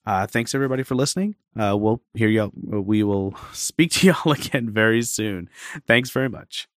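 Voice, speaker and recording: Earnest man with a low voice, podcast host. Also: normal speed, no echo, clean studio sound. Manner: earnest, rambling with restarts. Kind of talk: casual podcast talk.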